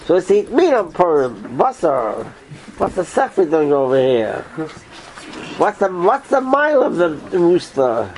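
A man giving an informal Torah class, quizzing his listeners in an animated way. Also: on the high side, measured pace, a crowd in the background, poor audio. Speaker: Torah teacher.

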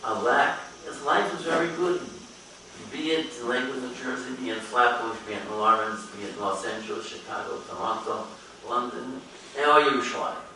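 A man giving a Torah lecture as a rabbi, rising and falling in pitch and chanting quoted Hebrew verses. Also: a little fast, sharp tone, slight background noise. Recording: echoey hall, mic at a distance.

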